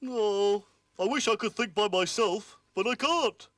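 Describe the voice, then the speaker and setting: A woman's voice: mid-range voice, unhurried, background noise, close to an everyday voice. A woman voicing a dim, wistful puppet creature on a children's TV show.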